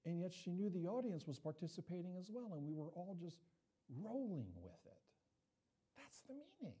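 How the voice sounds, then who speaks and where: A man's voice: fairly high pitch, dark tone, slightly rough. An older man preaching a sermon as pastor, talking conversationally and often checking in with the congregation with asides.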